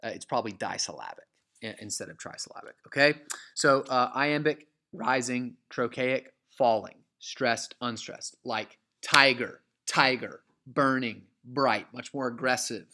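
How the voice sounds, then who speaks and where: A man's voice: medium pitch, moderate pace, fairly bright tone. A man teaching a recorded literature lecture in a casual, conversational way, full of fillers and frequent "okay?" check-ins.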